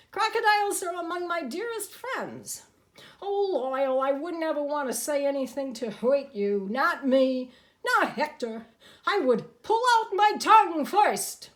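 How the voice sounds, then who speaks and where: A woman's voice: sits high, heavily acted. A woman voicing a flamboyant, wheedling male showman for a storybook reading, in a sing-song, theatrical way.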